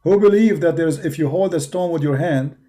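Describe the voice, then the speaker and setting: A man from the Arab world with an Arabic accent, speaking English as a second language with broken grammar, arguing forcefully in a preaching monologue. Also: a little high, a little fast. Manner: forceful, argumentative, with non-native grammar. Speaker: religious debater.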